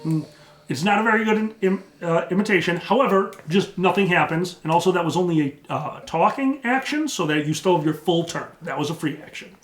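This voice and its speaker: Echoey game master, slightly high voice. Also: male voice, animated. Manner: slows down for vivid descriptive narration. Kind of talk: narrating a tabletop game.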